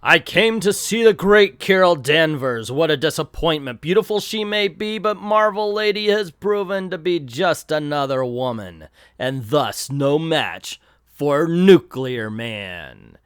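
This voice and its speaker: A pompous, sneering male supervillain gloats in a lively, swooping voice, as a man reads him aloud. He sits a little high and sounds dry and close, with no room around him. It is comic-book bluster, not a full character voice. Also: unhurried, clean tone, no room sound. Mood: gloating. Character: arrogant boastful male supervillain.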